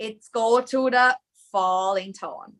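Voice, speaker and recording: A woman's voice: mid-range voice, measured pace, a bit bright. A woman with a Thai accent teaching a live online lesson, explaining step by step and dropping Thai particles into her English.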